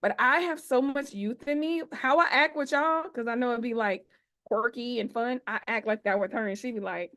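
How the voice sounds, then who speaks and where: A woman's voice: on the high side, normal speed, fairly bright tone. Playful, chatty woman hosting a video call. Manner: playful, chatty, slangy, hypes up the audience. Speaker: host of an online expo.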